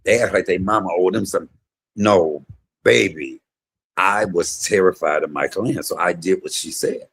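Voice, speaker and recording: Husky low-voiced man telling stories. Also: normal speed. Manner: animated, loud imitations of his mother. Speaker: comedian and vlog host. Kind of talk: casual storytelling monologue.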